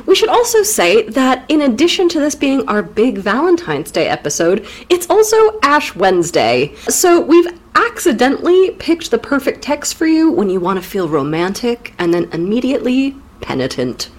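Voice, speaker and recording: Playful woman with a lively, bouncing voice. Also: high voice, normal speed, hardly any pauses. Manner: playful, teasing, upbeat. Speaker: podcast co-host. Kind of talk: casual literary chat.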